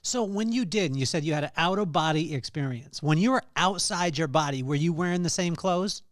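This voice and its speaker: A man's voice: fairly high pitch, a little fast, no room sound, clean studio sound. A man hosting a podcast, asking playful, joking questions in a casual interview. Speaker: podcast host.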